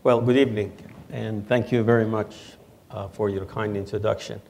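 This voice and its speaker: A man, an Iran expert answering on a panel in a lecture hall in a measured, lecturing way. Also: lowish voice, fairly even intonation, creaky, darkish tone, a little hiss or hum. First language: Persian. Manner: measured, lecturing, dry humor. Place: auditorium with audience.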